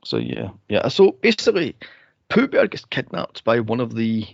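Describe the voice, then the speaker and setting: Male podcast host, animated, sweary, gravelly voice, dry lo-fi recording. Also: mid-range voice, moderate pace, no room sound. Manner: animated, sweary, laughs a lot, acts out scenes. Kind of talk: casual movie chat. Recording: dry, dull lo-fi podcast audio.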